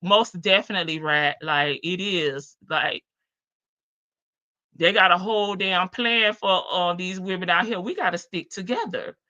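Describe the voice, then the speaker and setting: A woman's voice: on the low side, highs cut off. A woman with a Southern US accent, hosting a live stream and chatting casually as she reads viewer comments. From American South. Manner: chatty, animated, drawn-out Southern phrasing. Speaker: livestream host.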